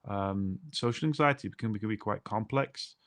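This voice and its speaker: Male co-host, lowish voice, talkative explainer. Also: moderate pace, fairly bright tone. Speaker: podcast co-host. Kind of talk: explanatory podcast chat.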